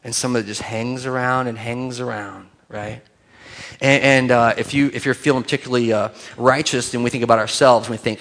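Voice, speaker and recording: A man's voice: mid-range voice, fairly even intonation, brisk, fairly bright tone. A man preaching a sermon as pastor, conversational and joking, building to emphatic points.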